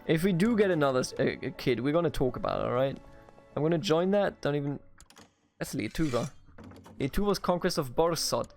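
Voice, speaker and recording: A man's voice: fairly high pitch, expressive, a little fast, gravelly, faint music behind. A man from Bavaria in Germany commentating a strategy game let's play, playful and mock-grandiose as he talks to the characters on screen. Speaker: gaming video host.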